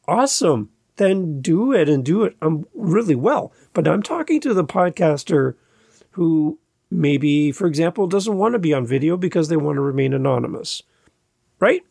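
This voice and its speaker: A man's voice: fairly high pitch, gravelly, darkish tone, slightly rough, no echo, studio quality. A man hosting his own podcast, talking casually and emphatically, repeating key words for stress. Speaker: podcast host. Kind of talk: casual solo podcast talk.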